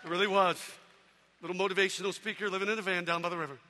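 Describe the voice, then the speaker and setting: High, bright-voiced male preacher in an echoing hall. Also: very fast. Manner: animated storytelling, shouts and drops to hushed tones. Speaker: evangelist speaker. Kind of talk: energetic sermon.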